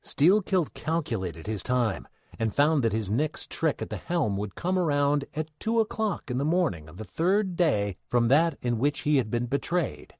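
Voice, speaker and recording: Theatrical male storyteller, lively pitch. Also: normal speed, no room sound, studio quality. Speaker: narrator. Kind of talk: dramatic old-time radio narration.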